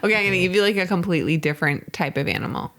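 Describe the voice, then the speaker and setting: A woman's voice: on the low side, rapid-fire, fairly bright tone. A woman co-hosting a comedy podcast, explaining a silly game in a chatty, casual way and swearing freely. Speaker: podcast co-host.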